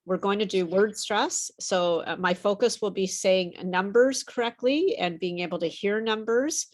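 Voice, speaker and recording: A woman's voice: medium pitch, a little slow. A woman teaching English pronunciation, encouraging and patient, explaining with frequent fillers. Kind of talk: online pronunciation lesson.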